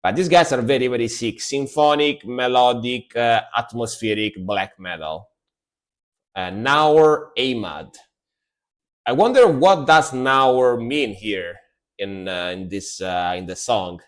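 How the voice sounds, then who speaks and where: A man reacting to music on a live stream, speaking slowly in an easygoing way. He keeps doubling his words for emphasis, and his pitch stays mid-range. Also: lively intonation. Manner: laid-back, repeats words for emphasis.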